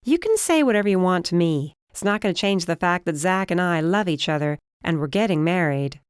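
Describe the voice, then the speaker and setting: A woman's voice: lowish voice, a little fast, clear, resonant tone, no echo, clean studio sound, close to an everyday voice. A woman voicing a defiant young fire witch who speaks bluntly and sarcastically in an audiobook. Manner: flat, sarcastic.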